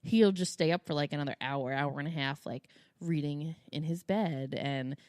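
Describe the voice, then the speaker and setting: A woman co-hosting a podcast, chatting in a relaxed way about her kids. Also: low-pitched, dry recording, studio quality. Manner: relaxed conversational, quick supportive backchannels. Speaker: podcast co-host and mother. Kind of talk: casual chat.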